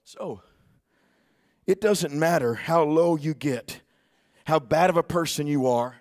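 Man preaching, shouting then hushed. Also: fairly high pitch, slow pace. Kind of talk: sermon storytelling. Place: church sanctuary.

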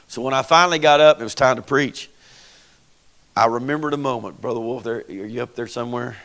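A man preaching a sermon in a church, telling stories and building to loud preaching. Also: mid-range voice, a little fast, gravelly. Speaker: pastor. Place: church sanctuary.

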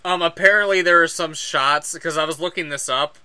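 A man's voice: a little high, brisk, bright, forceful tone, clear, resonant tone, no room sound. A man co-hosting a podcast in casual chat, chiming in and laughing often. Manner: laughs often, chimes in with short agreements. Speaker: podcast co-host. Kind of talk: casual chat, film review.

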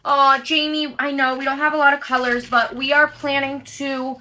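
A woman's voice: high voice, level tone, normal speed, pushed and bright. A woman hosting a casual livestream as she packs orders, chatty and upbeat, with frequent ums and likes. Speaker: livestream host packing orders.

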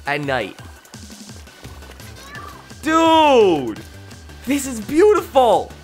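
A man doing live gameplay commentary on a stream, excitable and jokey, jumping from loud yelps to low mumbles. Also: extremely slow, soft background music. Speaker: gaming streamer.

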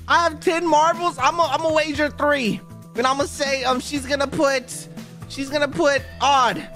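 A man giving casual, excitable gaming commentary, repeating himself and talking straight to viewers. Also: very high voice, moderate pace, faint music behind. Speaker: gaming YouTuber.

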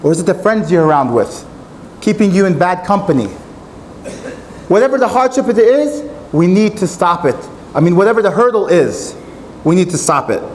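Male preacher, high-pitched, earnest sermon delivery with faint background noise. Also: poor audio. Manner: earnest, retelling a story with quoted dialogue. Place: mosque.

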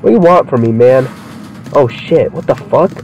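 A man's voice: mid-range voice, animated, moderate pace, darkish tone, lo-fi sound. A man giving casual, rambling, profanity-filled commentary while playing a wrestling game. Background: game music.

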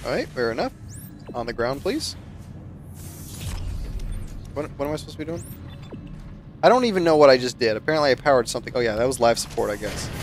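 A man giving casual gameplay commentary in a rambling, easygoing, self-mocking way. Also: medium pitch. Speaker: let's play commentator.

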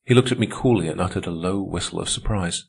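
A man reading an audiobook as narrator, in a measured, steady way. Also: low-pitched, vocal fry, breathy edge. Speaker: audiobook reader. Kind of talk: scripted narration.

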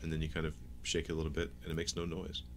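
A man narrating a tabletop game as game master, describing scenes in a halting way with many fillers. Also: rumbling low, monotone, slight background noise.

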